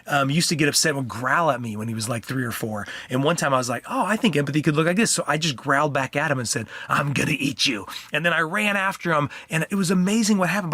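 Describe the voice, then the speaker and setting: Middle-aged guy cohosting a podcast, bright and a bit high, dry close sound. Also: no room sound. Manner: animated when acting out talks with kids. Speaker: podcast co-host, counselor. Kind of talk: casual chat.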